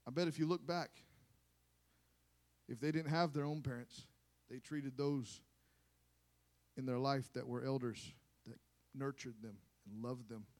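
A man preaching a sermon to a congregation, moving from quiet asides to impassioned shouting and calling on the listeners to respond. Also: mid-range voice, fairly even intonation, a little slow, pauses often.

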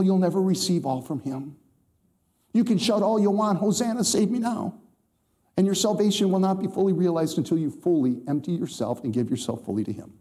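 Quoting scripture and speaking straight to his congregation, this preacher delivers his sermon with emphatic rhythm. His voice is high yet dark in tone.

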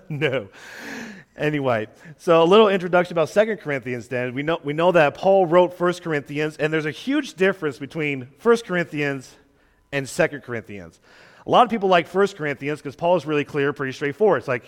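A young man preaches to a congregation in a loose, conversational way, acting out quoted voices and joking with the people in the pews. His voice sits a little high for a man. The sound carries a long church reverb. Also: animated, brisk. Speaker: guest preacher. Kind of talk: sermon. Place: church sanctuary.

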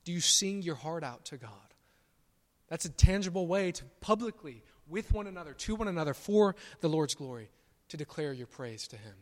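A pastor preaching a sermon, emphatic on his declarations and softer on quiet asides. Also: a little high, lively intonation, moderate pace. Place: church sanctuary. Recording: long church reverb.

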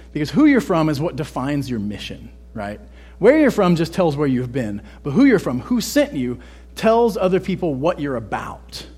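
A man's voice: medium pitch, breathy edge. A man from Texas, with no regional accent, preaching a sermon in a conversational way and often checking in with "right?". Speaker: pastor.

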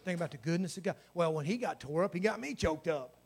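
High-voiced pastor preaching. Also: male voice, animated, fast, breathy edge. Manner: storytelling that builds to fervent praying. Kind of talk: sermon.

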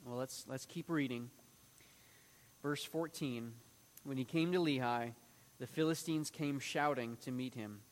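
A man's voice: mid-range voice, unhurried, long pauses, long reverb tail. A man teaching through a Bible passage, reading it aloud and acting out the quoted lines in a raised voice.

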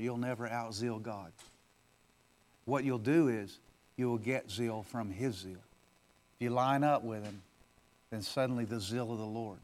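A man pastor preaching a sermon, swinging from loud, forceful declarations down to a soft, intimate appeal. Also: mid-range voice. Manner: preaches with loud swells, then drops to soft, close talk.

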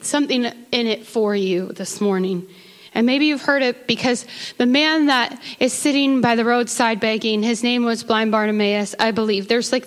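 A woman preaching a sermon in church, moving from conversational asides with the congregation to impassioned calls. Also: fairly high pitch. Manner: rises to impassioned crying out. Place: church sanctuary.

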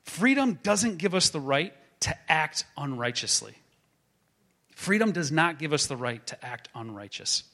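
Man, pastor, sermon, impassioned, slightly high-pitched. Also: big pitch swings, measured pace, pushed and bright. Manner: impassioned, rising to emphatic proclaiming then dropping low.

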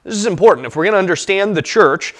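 A male pastor in his thirties preaching a sermon. His voice sits somewhat high for a man, and his delivery halts often, with fillers and restarts, as he works through the scripture. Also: animated, a bit bright. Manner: halting, many fillers and restarts.

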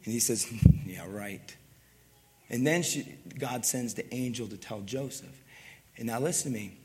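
A man preaching a sermon as pastor, animated and conversational, acting out voices and asking the crowd for agreement. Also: mid-range voice, moderate pace. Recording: long reverb in a large hall.

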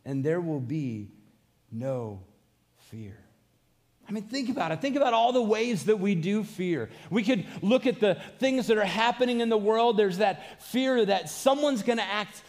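A male pastor with a fairly high voice delivers an earnest sermon. He reads scripture aloud and presses his listeners with rhetorical questions. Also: animated, a little slow, a little mellow.

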